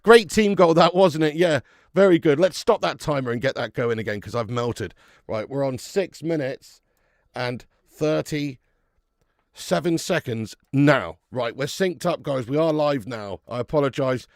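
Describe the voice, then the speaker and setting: A man's voice: mid-range voice, animated, unhurried, dry recording, clean studio sound. A man with a chatty, sweary manner hosting a live football watch-along, greeting viewers in the chat as he commentates.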